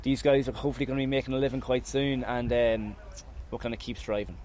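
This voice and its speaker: A man's voice: medium pitch, flat delivery, fast talker, darkish tone. A man who has just won a golf event, talking emotionally about his round and his family. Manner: emotional, thankful, talks of nerves. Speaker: winning golfer interviewed after a round. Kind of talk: emotional post-round interview. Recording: faint outdoor noise.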